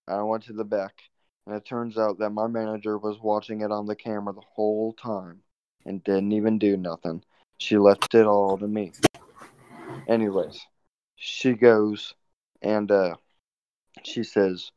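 A man's voice: on the low side, little pitch movement, normal speed, darkish tone. A young man hosting a podcast, telling a rambling, profane story in a laid-back way. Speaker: podcast host. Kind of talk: casual storytelling. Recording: dull, dry lo-fi recording.

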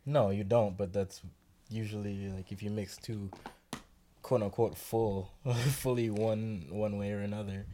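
A man's voice: on the low side, steady tone, unhurried, warm tone, slight background noise. A young man in casual chat, laid-back, explaining his points at length with many fillers.

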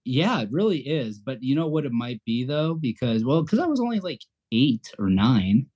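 A man's voice: medium pitch, sing-song, moderate pace, mellow, breathy edge. A middle-aged man hosting a podcast in casual chat, laughing at himself and rambling. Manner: laughing, self-deprecating, rambling with fillers. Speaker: podcast host.

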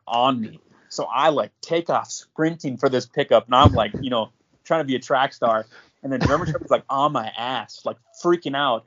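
In casual chat, a podcast host spins a long, rambling story packed with "like" and restarts. He has a medium-pitched, slightly bright voice with a breathy edge, and the audio sounds dull.

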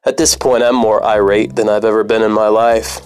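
A man's voice: fairly low pitch, level tone, moderate pace, a little mellow, clear, resonant tone, soft background music. A man, a former cab driver, narrating a personal story in a bitter, profane, wry manner.

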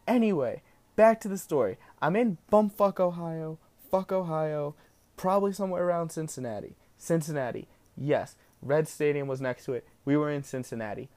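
A young man from New Jersey telling a story in a casual, profane rant that swings between outbursts and asides. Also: high-pitched. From New Jersey, USA. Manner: profane, animated ranting.

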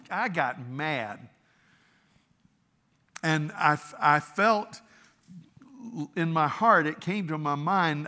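A man preaches a sermon as pastor, earnest and conversational, often restarting his words. His voice is a little high, pushed, and bright, with a long reverb tail.

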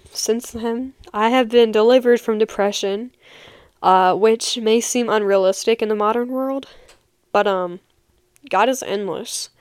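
A woman's voice: mid-range voice, darkish tone, no room sound, studio quality. A young woman and podcast host giving a heartfelt personal faith testimony, speaking earnestly and repeating key phrases for emphasis.

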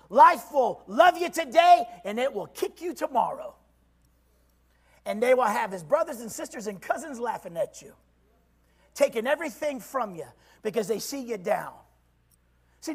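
A man preaching a sermon in a shouting, call-and-response style, swinging from loud cries down to quiet low stretches. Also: husky.

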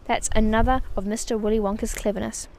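A woman's voice: on the high side, fast, lightly acted. Woman voicing a fond old grandfather telling stories, storybook, light faint background hiss. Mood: storytelling. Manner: animated storytelling, sometimes dropping to a hushed whisper.

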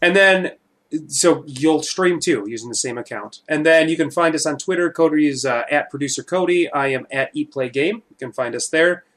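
Sarcastic podcast host. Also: male voice, on the high side, normal speed. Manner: sarcastic, deadpan. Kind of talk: casual podcast banter.

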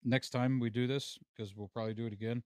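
A man's voice: mid-range voice, steady tone, fast talker, clear, resonant tone, dry recording, clean studio sound. A man hosting a casual podcast chat, laid-back and swearing freely. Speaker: podcast host. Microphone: studio mic.

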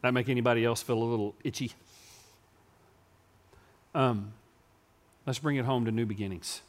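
A man, preaching a sermon to his congregation in a church and building to loud, yelling emphasis. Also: mid-range voice, fairly even intonation, normal speed. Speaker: pastor. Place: church sanctuary.

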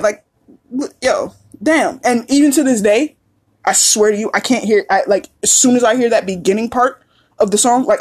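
A woman's voice: fairly high pitch, lively intonation, measured pace, breathy edge. A woman in her thirties hosting a podcast, talking in a candid, profane, casual monologue and laughing often. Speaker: podcast host.

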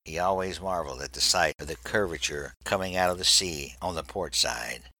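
A man reading a naval story aloud in a steady, measured way. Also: rumbling low, dry recording, rough recording. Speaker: narrator.

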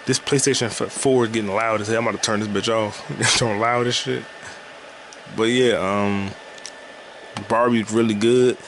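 With vocal fry in his fairly high voice and a bit of background noise, this podcast host rambles and swears through a casual solo episode recorded at home. He laughs frequently, and a loud game console can be heard close by.

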